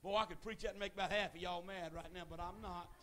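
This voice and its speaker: A middle-aged preacher man with a notably high, bright voice. He tells homely stories in a loose, conversational way, then climbs into shouted, fervent revival preaching. He preaches in a church sanctuary. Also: steady tone, fast talker. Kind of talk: sermon.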